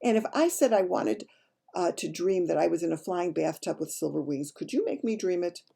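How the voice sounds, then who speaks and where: A woman voicing a brave, spirited little orphan girl, talking earnestly, at times hushed, at times crying out. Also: lowish voice, animated, brisk, creaky, husky, exaggerated voice. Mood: eager.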